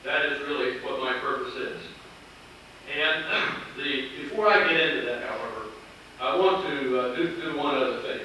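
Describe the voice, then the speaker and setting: A man's voice: medium pitch, sharp tone, slight background noise. A middle-aged man giving a motivational speech at a company meeting, a folksy storyteller who mixes jokes with earnest encouragement. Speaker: sales executive speaking at a company meeting. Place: large meeting hall. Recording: echoey hall, heard from a distance.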